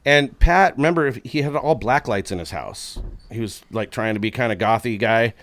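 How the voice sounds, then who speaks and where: A man's voice: medium pitch, normal speed, a bit bright. A man telling a raucous story as a podcast guest, laughing and acting out quotes. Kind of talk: casual chat, telling a story.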